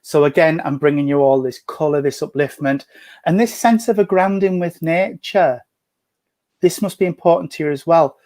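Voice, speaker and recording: A man giving a gentle, chatty mediumship reading at home over a video call, full of endearments. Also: on the high side, normal speed, no echo. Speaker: spiritualist medium. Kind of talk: mediumship reading in an online service. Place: at home at a breakfast table.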